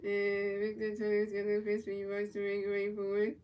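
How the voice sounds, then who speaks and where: Flat-voiced woman calling a game, distant mic. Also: medium pitch, normal speed. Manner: repetitive, stumbling calls with casual slang and swearing. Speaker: gaming channel commentator. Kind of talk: casual play-by-play commentary over a video game. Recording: voice picked up from a distance.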